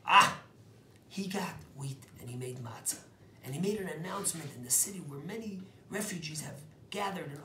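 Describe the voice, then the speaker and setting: A man, a rabbi, telling a story as a sermon, dropping to hushed whispers and rising to loud, emphatic bursts. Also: on the high side, roomy sound, a little hiss or hum.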